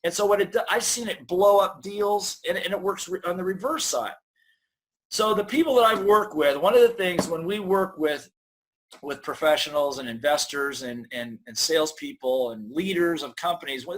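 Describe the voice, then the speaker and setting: A middle-aged man, a guest author, talking in a lively, storytelling way in an interview and acting out the voices in his head. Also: fairly high pitch. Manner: energetic storyteller, acts out inner voices. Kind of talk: conversational interview.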